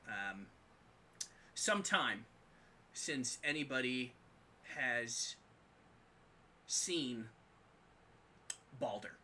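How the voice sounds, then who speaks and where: A man narrating as game master of a tabletop game, speaking in a halting way full of pauses and ums. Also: medium pitch, lively intonation, bright, forceful tone, slight background noise.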